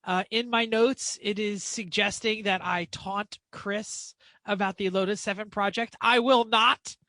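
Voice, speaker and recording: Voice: mid-range voice, flat delivery, unhurried, fairly bright tone, no room sound. A podcast co-host cracking wry jokes in casual chat. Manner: wry, joking.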